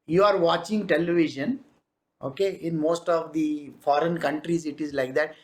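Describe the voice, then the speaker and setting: A spiritual teacher with an Indian English accent delivers a devotional discourse in a conversational, animated manner. The talk is peppered with laughter and quick asides in Hindi. Quoted people get acted out with bits of voice play, so the teaching stays lively and personal. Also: medium pitch.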